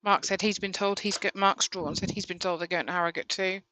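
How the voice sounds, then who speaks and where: A woman's voice: medium pitch, steady tone, brisk, bright, forceful tone, a little hiss or hum, rough recording. A woman co-hosting a live stream, reading out viewers' comments and teasing her partner. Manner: teasing, reads messages aloud. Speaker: co-host reading out chat comments. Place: home workshop.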